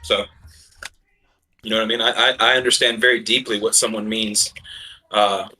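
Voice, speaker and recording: A man speaks as a panelist in a live online debate chat, in a relaxed, casual way. His voice is fairly low but has a bright, forceful edge. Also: normal speed, rough recording. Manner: casual, joking, then earnest.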